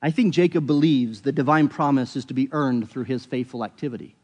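A man's voice: mid-range voice, brisk, a little mellow. Earnest man preaching in a reverberant hall. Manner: earnest, explanatory, self-correcting. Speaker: pastor. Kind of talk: sermon.

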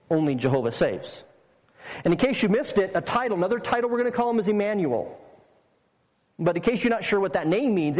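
A man's voice: sits high, darkish tone. A pastor giving a sermon, explaining his point step by step with emphatic stresses. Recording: long reverb of a large hall.

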